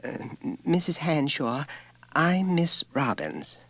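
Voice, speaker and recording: A man's voice: mid-range voice, sing-song, unhurried, husky, dry recording, pitched above the performer's own voice. A man voicing a timid, apologetic woman schoolteacher who stammers and hesitates, in a dry audiobook reading. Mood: flustered. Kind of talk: audiobook character voice.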